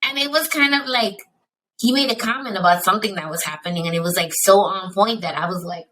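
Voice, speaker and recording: Brief: woman host, middle pitch, bright and sharp tone, easygoing chatter. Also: quick pace, a little hiss or hum, poor audio. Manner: chatty, many "like" fillers. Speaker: podcast host. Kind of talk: casual podcast conversation.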